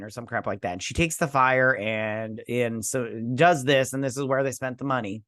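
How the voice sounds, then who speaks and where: A man talks through an episode recap in a loose, rambling way. His voice sits at an ordinary middle pitch, and he is heard up close with no room echo. His tone is sarcastic and he drops into mock voices to quote characters. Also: fairly even intonation, moderate pace, fairly bright tone. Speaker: host. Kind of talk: casual episode recap and review.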